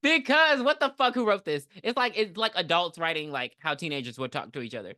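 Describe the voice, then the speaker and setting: A man co-hosting a podcast, chatting casually about a movie in a laughing, profane, expressive way. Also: high voice, brisk, no echo, clean studio sound. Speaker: podcast co-host. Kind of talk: casual movie review chat.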